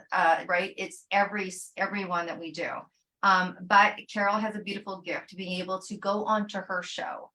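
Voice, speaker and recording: A woman hosting an online summit, effusive and warm in her thanks, with many fillers. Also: mid-range voice. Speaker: summit host.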